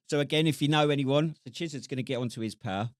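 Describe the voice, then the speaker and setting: A man co-hosting a podcast, swapping sweary banter with frequent laughter. His voice sits at a middle pitch. The sound is dry and close. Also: quick pace, no echo. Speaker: podcast co-host. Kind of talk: casual chat.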